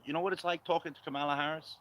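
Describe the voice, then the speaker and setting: A man's voice: on the high side, steady tone, very fast, fairly bright tone, poor audio. A man giving blunt, confrontational political commentary, firing off repetitive rhetorical questions at the viewer. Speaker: vlogger.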